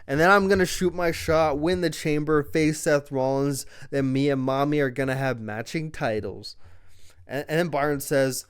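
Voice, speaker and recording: A man with a smooth, clear voice that sits a little high, talking through a wrestling episode. He rambles with plenty of fillers and drops casual swears along the way. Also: fairly even intonation, moderate pace. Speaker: wrestling show reviewer. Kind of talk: casual recap chat.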